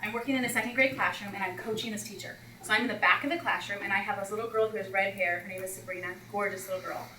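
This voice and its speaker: A woman math coach talking teachers through classroom routines in a chatty, animated way, acting out scenes with students. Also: mid-range voice, racing, hardly any pauses, a little hiss or hum. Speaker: math instructional coach leading a teacher workshop. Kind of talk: presenting to teachers. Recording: roomy echo, far from the mic, faint ambience.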